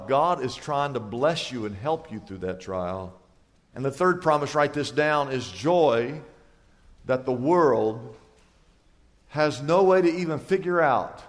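Male pastor, sermon delivery, dynamic with sudden high loud peaks, reverberant sanctuary sound. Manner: acts out little dialogues for illustration.

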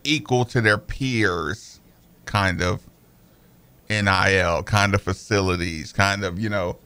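A man's voice: low voice, steady tone, takes it slowly, pushed and bright, clear, resonant tone, no echo. A man from North Carolina co-hosting a casual sports talk show, rambling with frequent restarts. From Asheville, North Carolina. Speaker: podcast co-host.

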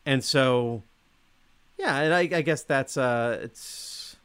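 A man co-hosting a casual film podcast, speaking haltingly with many restarts. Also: medium pitch, a bit bright, clear, resonant tone. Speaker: podcast co-host. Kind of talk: casual movie review chat.

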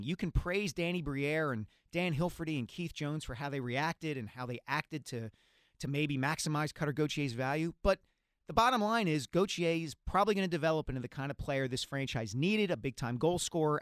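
A man co-hosting a sports talk show, giving careful, analytical opinions in a measured way. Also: a little high, lively intonation, no room sound, studio quality. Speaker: sports columnist and co-host.

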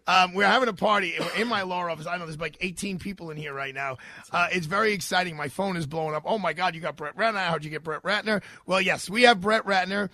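A man from New York City hosting a live radio talk show from his law office, excitable, with loud bursts. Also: high-pitched, quick pace, dry recording. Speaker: radio show host and attorney.

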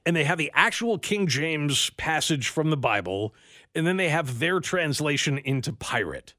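A man co-hosts a radio talk show with playful, casual banter. His voice sits somewhat high and moves with lively swings in pitch. The studio sound is dry and close. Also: no echo. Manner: playful, reads listener comments aloud with exaggerated slowing.

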